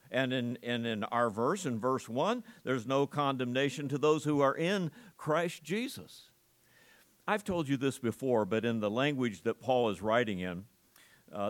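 A male pastor preaching a sermon at a church service, emphatic and full of rhetorical questions to his congregation. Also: medium pitch.

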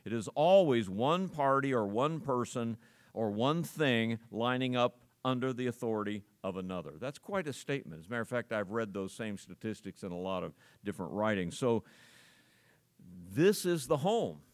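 Male pastor, sermon, mid-pitched voice, punches key words, uh-filled, dead dry sound. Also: brisk, no echo. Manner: emphatic, rises sharply on key words; frequent "uh" fillers and restarts. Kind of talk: expository sermon.

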